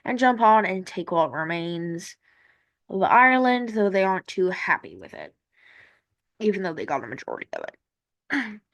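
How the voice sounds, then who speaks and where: A woman's voice: mid-range voice, big pitch swings, moderate pace, pauses often, a bit bright. A woman casually narrating a map timeline. She rambles and corrects herself as she thinks aloud. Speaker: map-series creator.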